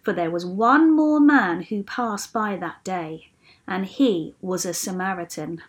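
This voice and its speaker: A woman voicing Jesus as a calm, kindly male teacher in a read-aloud storybook, speaking gently and patiently. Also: mid-range voice, measured pace, natural voice.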